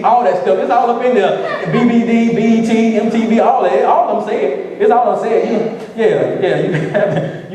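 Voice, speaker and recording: A high-voiced male pastor preaching a playful, call-and-response sermon, looping back on his phrases to rouse the room. He is heard from a distance in a church sanctuary, with a long, booming reverb. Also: warm tone. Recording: echoey church hall from afar.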